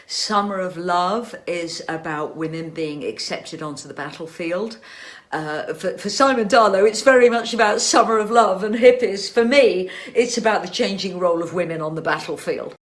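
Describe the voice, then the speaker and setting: A woman's voice: on the low side, normal speed. A woman in her sixties hosting a chat show, talking enthusiastically with emphatic repetitions. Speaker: show host and singer. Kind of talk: casual chat to camera.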